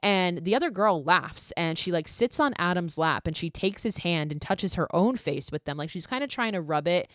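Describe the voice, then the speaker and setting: A woman hosts a podcast and recaps a horror movie casually, leaning on "like" and dropping swear words. Her voice sits on the low side for a woman. She is close to a podcast mic in a dry, dead-sounding space. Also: expressive, normal speed, hardly any pauses, no room sound. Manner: chatty, peppered with "like" and swearing. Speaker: podcast host.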